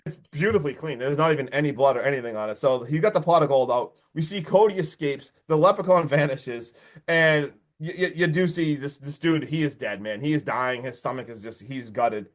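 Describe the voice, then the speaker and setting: A man hosting a podcast, excitedly recapping a horror movie in casual chat and acting out lines from it. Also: mid-range voice, fairly quick. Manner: excited, swearing, acts out lines from the film. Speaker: podcast host.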